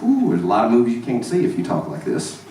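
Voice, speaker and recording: A man puts on a loud, crude Mississippi good ol' boy with a heavy Southern drawl, swaggering and mocking. The sound is roomy and distant, picked up from far back in a noisy club. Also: mid-range voice, huge pitch swings, fast talker. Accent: broad Mississippi Southern. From Mississippi, USA.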